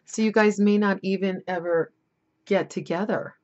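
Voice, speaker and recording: A woman's voice: mid-range voice, fairly even intonation, normal speed, darkish tone, lo-fi sound. A woman giving a casual tarot reading, chatty and rambling, with emphatic warnings. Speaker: tarot reader.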